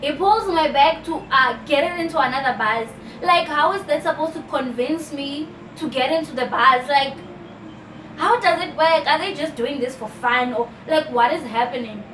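A young South African woman telling a storytime vlog, animated and chatty, often calling out to her viewers. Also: sits high, normal speed, slight background noise. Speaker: vlogger. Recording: roomy, distant from the mic.

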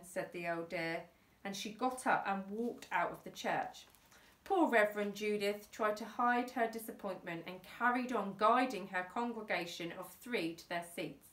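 A woman teacher from England reading a storybook aloud to her class, unhurried and expressive. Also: mid-range voice, echoey room, distant mic.

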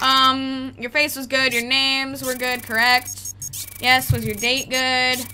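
A woman's voice: sits high, flat delivery, takes it slowly, bright, forceful tone, faint music behind. A young woman giving chatty, joking let's play commentary while she plays, talking to the characters on screen. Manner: chatty, jokey, talks to game characters. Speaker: gaming YouTuber.

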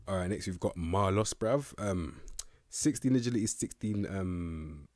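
A man's voice: low voice, animated, unhurried, darkish tone, no echo, studio quality. A young man, casually commenting on a football management game in heavy slang. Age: young adult. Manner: slangy, laid-back, swears casually. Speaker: gaming youtuber.

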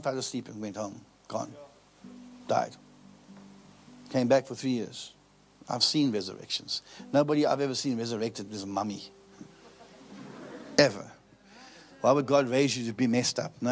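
A middle-aged man preaching a sermon, telling a story with lively acted-out dialogue. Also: medium pitch. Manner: animated storytelling, acts out quoted dialogue. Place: large auditorium.

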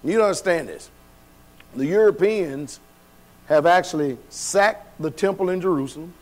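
A male pastor preaches a sermon in a church sanctuary, his voice on the high side and his pace moderate. He speaks in a folksy, colloquial way, using call-and-response and often putting questions to the congregation.

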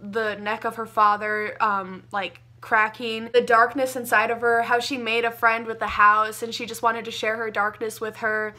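Young woman fangirling over a book, bright voice, says like a lot, kinda high. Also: moderate pace, hardly any pauses. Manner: gushing, excitable, lots of "like" fillers. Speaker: book reviewer. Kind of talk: casual book talk.

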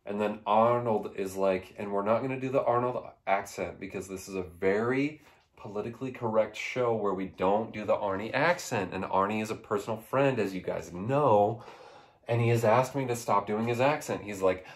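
A man's voice: on the low side, moderate pace. A man, the host, giving a rambling, goofy comedic recap of a movie, slipping into playful voices.

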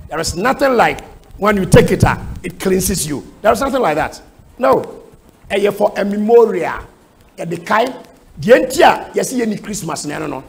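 A male preacher with a Ghanaian accent answers questions at a church seminar. His voice sits high with a gravelly, creaky texture, and he drives points home emphatically with rhetorical questions. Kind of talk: seminar teaching in Twi and English.

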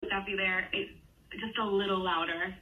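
A woman's voice: mid-range voice, little pitch movement, moderate pace, far from the mic. A woman on a phone call, stalling a telemarketer with hesitant fillers, constant apologies and interruptions. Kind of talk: playful prank phone call. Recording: recorded phone call in an echoey room, faint noise.

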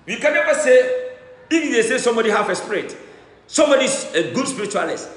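A man with a Ghanaian accent, a traditional priest boasting in fiery declamation, swinging between shouts and low mutters and repeating his phrases. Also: sing-song, quick pace. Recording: echoey room with long reverb.

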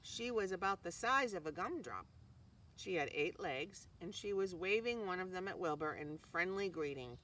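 A storyteller reading a children's chapter book aloud with expressive narration. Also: mid-range voice, normal speed, far from the mic, a little hiss or hum, low-quality recording.

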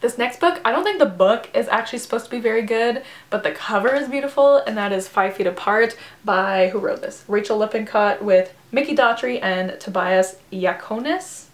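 A woman's voice: on the high side, animated, normal speed, few pauses, reverberant. A woman book vlogger gushing over her books in casual chat, full of "like" and "oh my god", at home. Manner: gushing, enthusiastic, lots of "like" and "oh my god".

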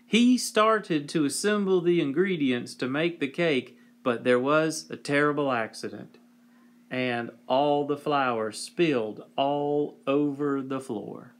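Male storyteller: slightly high, unhurried, wry read-aloud of a silly children's tale. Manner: slow, deliberate, wry delivery, clears throat.

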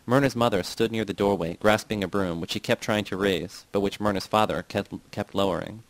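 A man with a deep, low voice reads a novel aloud. He keeps a plain, steady delivery and only shifts a little for the people he quotes. The sound is dry and close, with no room around it. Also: fairly quick, no echo, poor audio. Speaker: audiobook reader.

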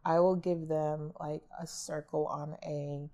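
A woman's voice: deep voice, flat delivery, unhurried, warm tone. A middle-aged woman, an art therapist, talking casually in a podcast interview and acting out quoted remarks. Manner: chatty, acts out quoted remarks.

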